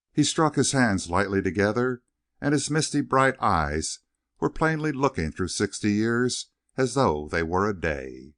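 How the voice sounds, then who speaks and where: A man narrates a western novel with expressive storytelling, his low voice rising and falling in lively swings. He is recorded close on the mic, and the sound is dry with no room echo. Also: a little slow. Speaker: audiobook narrator.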